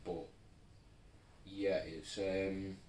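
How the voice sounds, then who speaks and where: A man's voice: sits low, little pitch movement, drawn-out words, a little mellow. A young man co-hosting a podcast in a laid-back, rambling chat full of fillers. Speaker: podcast co-host. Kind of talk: casual chat. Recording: roomy, distant mic, faint noise.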